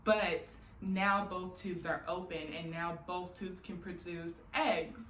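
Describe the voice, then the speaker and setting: A woman's voice: lowish voice, fairly even intonation, slow pace, fairly bright tone. A young adult woman telling a personal story in a vlog, candid and emotional, often laughing, with many fillers. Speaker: vlogger. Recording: echoey room with faint background noise.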